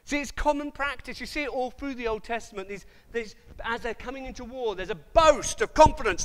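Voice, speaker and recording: A man preaching a sermon as pastor in a church, animated and jokey, putting on quoted voices. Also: very high-pitched, moderate pace, in a large hall. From Wales.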